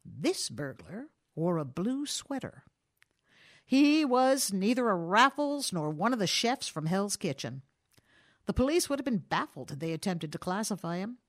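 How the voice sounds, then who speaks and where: A woman narrating a short story as an audiobook reader, telling it expressively with dramatic pauses. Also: medium pitch, sing-song. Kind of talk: scripted narration.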